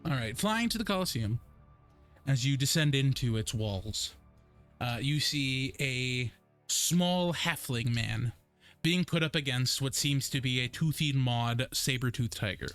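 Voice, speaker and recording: A young man narrating a tabletop game as game master, unhurried and descriptive with frequent ums. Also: mid-range voice, animated, a bit bright. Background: faint background music.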